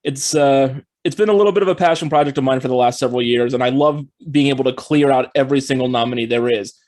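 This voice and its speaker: A man hosting his own film review channel, talking in an upbeat, steady and explanatory way as he reads through a scripted review. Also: mid-range voice, fast.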